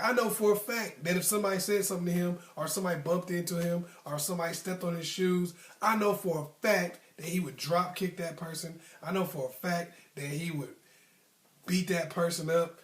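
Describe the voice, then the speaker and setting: Man, slightly higher voice, relaxed storyteller with ums and likes, echoey room. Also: distant mic. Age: adult, past his youth. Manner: conversational, many ums and likes, acts out friends' tough talk. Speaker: storyteller, channel host. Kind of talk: casual personal storytelling.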